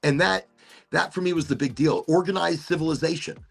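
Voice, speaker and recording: A man's voice: a little high, a little fast, vocal fry, faint music behind. A man hosting a podcast, musing aloud in a rambling, casual monologue and swearing now and then. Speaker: podcast host.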